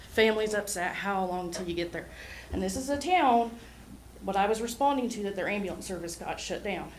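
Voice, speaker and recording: At a city meeting held in a city hall room, an Oklahoma woman who administers EMS services speaks publicly in a mid-range voice, earnest but somewhat nervous. The low-quality recording picks up slight background noise.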